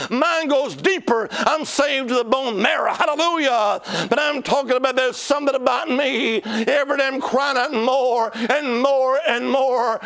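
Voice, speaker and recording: A man's voice: very high-pitched, gravelly, a bit bright. A male preacher delivering a sermon, calling out to the congregation for responses.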